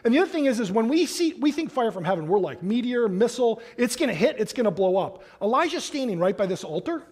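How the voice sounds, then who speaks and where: A man preaching a sermon, reading scripture aloud and then explaining it in an animated, conversational way with casual asides. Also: very high-pitched, fast talker. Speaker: pastor.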